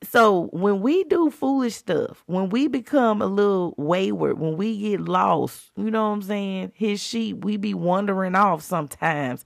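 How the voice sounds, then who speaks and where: A woman's voice: mid-range voice, a little slow, vocal fry, few pauses, no echo, clean studio sound. A woman hosting a faith podcast, talking in a fervent, colloquial, preacherly way. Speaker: podcast host.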